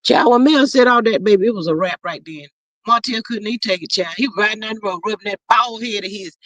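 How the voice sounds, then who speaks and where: Sassy livestream gossip host, mid pitch, dry close mic. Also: fast, dry recording. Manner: sassy, animated, often says "child". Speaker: livestream host reading chat.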